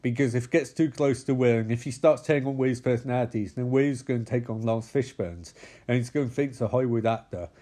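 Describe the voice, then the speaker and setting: A man casually recapping a show, rambling and profane, slipping into quick character voices. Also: medium pitch, dark tone.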